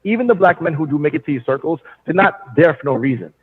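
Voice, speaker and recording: A man on a panel arguing his point in a deliberate, lecturing way. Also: on the high side, lively intonation. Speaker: panel guest. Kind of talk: opinionated commentary. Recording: husky voice over phone line.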